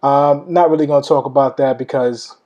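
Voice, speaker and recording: A young man hosts a podcast in a mellow, medium-pitched voice with a steady tone, speaking a little fast. He rambles loosely, uses lots of fillers, and calls his listeners y'all. The recording is muffled.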